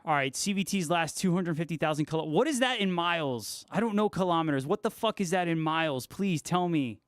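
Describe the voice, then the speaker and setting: A man's voice: on the high side, lively intonation, brisk, dry recording. A young man hosting a guitar livestream, chatting casually with viewers, laid-back and swearing freely. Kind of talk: casual chat reading viewer comments.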